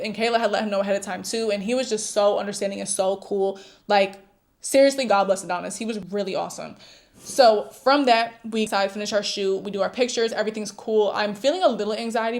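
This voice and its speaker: A young woman telling a candid, chatty story to her viewers in a casual vlog. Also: medium pitch. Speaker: vlogger.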